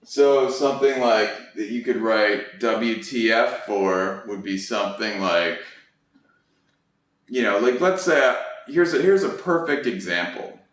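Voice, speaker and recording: A man's voice: on the low side, a little slow, a bit bright. A young adult man teaching an English lesson in a casual, chatty way, acting out quoted reactions as he explains. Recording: echoey room, distant mic.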